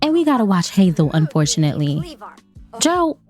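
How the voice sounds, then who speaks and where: A young woman hosting a casual gaming video, chatty and animated, laughing often and talking to her viewers. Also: fairly low pitch, moderate pace, faint music behind. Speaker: gaming channel host. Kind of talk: casual game commentary.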